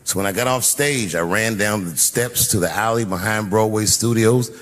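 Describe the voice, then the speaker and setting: A middle-aged man telling a profane, animated story as a stand-up comedian. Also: on the low side, moderate pace. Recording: live venue with long reverb.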